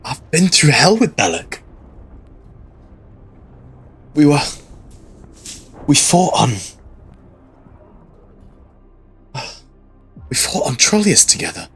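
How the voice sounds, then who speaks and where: A desperate, battle-hardened corporal, as a man voices him in a tabletop game, begs a fallen comrade to hold on. His husky voice soars high and swings wildly as the grief builds. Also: huge pitch swings, moderate pace, fairly bright tone, soft background music, heavily acted. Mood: grim. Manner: pleading, voice climbing high with distress. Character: battle-worn male corporal, anguished over dying comrade.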